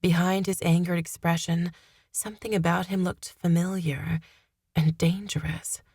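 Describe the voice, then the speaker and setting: Female audiobook narrator, low, measured delivery, dry studio read. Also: fairly even intonation, a little mellow, slightly rough, no echo. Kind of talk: first-person audiobook narration.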